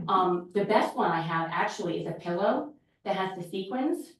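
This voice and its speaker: A preschool teacher gives an informal talk to a group in a large, very echoey church hall, her mid-range voice picked up from afar by a distant mic. She speaks at normal speed, telling stories in a lively way and acting out classroom exchanges.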